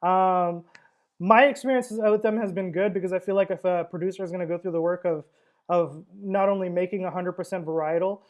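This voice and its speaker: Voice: medium pitch, a little mellow. A wine seller hosting a casual livestream tasting, talking in a chatty, rambling way with frequent fillers and laughs.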